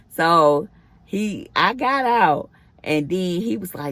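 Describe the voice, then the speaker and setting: A woman's voice: low voice, expressive, slow, a bit bright, dry recording. A woman vlogger telling a personal story in a casual storytime, acting out the quoted back-and-forth as she goes. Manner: chatty retelling with acted-out quoted dialogue.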